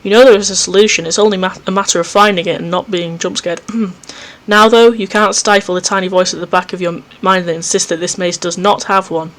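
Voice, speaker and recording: A man's voice: high voice, steady tone, brisk, few pauses, a bit bright. A man hosting a let's play from home, reading a visual novel aloud and cutting in with jumpy, self-mocking asides. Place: home recording setup.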